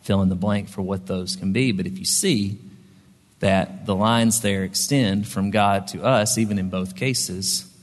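A man's voice: lowish voice, fairly even intonation, measured pace, long reverb tail. A man preaching a sermon, telling a story in a conversational way with frequent ums and restarts. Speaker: pastor.

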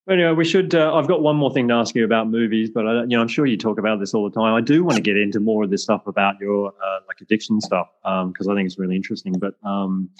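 Relaxed male interviewer, low voice, meandering filler-heavy questions. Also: fast, few pauses, muffled recording. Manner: rambling, hesitant questions with many fillers. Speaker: host. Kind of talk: casual interview chat.

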